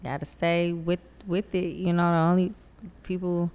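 A woman in casual conversation, relaxed and agreeable with a slangy way of talking. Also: on the low side, normal speed, smooth. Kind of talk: casual chat.

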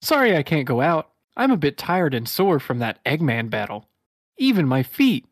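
A man voicing a cheerful young male blue hedgehog hero, pushing his voice well up into a sweet, breathy, over-the-top tone for a comedic fan fiction reading. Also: a little high, big pitch swings, normal speed, no room sound, studio quality, pitched above the performer's own voice. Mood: pleading.

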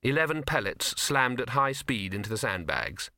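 A man's voice: medium pitch, big pitch swings, normal speed, sharp tone, no echo. A man narrating a comic fantasy audiobook in a dry storytelling manner. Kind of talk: scripted narration.

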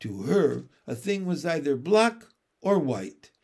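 A man narrating a children's storybook aloud, in a measured, gentle telling. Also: on the high side, big pitch swings, creaky, breathy edge. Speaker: audiobook narrator. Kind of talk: storybook reading.

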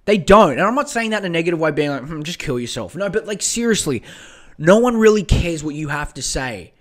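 A man's voice: on the high side, lively intonation, brisk, a bit bright. A young man hosting a solo podcast on a home mic, ranting bluntly with plenty of swearing and rambling. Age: young adult. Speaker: podcast host.

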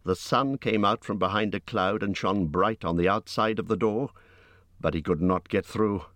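An audiobook is narrated by a man whose voice is on the low side, using measured, expressive storytelling. No room sound comes through.

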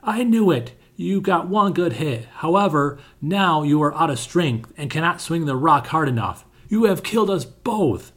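Guy putting on a shrill whiny priest, blames everyone, begs to be freed, storybook voice. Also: animated, normal speed, hardly any pauses, darkish tone, breathy edge. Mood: mocking. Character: panicky bound male cult priest, blaming, pleading.

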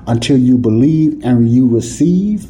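A man's voice: medium pitch, expressive, a little slow, warm tone, slight background noise, low-quality recording. A man teaching the Bible in an informal sermon, talking casually with folksy grammar and often asking if listeners see what he's saying. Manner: repetitive, keeps asking "you see what I'm saying?".

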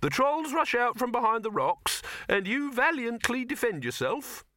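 A man voicing a patient, fussy male film director in an audiobook, explaining things in a much higher pitch than his own. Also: sing-song, normal speed, bright, forceful tone, dry recording, heavily acted.

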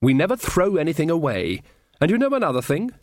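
A man's voice: fairly high pitch, huge pitch swings, quick pace, darkish tone, no room sound, clean studio sound, pitched above the performer's own voice. A man playing a flustered young queen. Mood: brisk.

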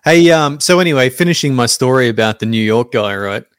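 A man's voice: medium pitch, animated, brisk, clean tone, no echo. A man co-hosting a podcast, joking, laughing often and swearing freely in casual chat. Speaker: podcast co-host.

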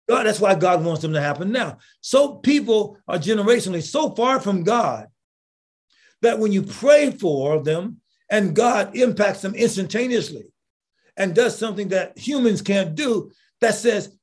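A bishop preaching with fervor, asking the listeners rhetorical questions and bursting into shouted emphasis. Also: male voice, high voice, slightly rough. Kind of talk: impassioned preaching.

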